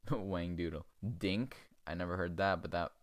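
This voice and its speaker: A man's voice: deep voice, fairly even intonation, a little slow, no echo, studio quality. A man hosting a comedy podcast, rambling crudely in casual chat and chuckling as he goes. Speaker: podcast host.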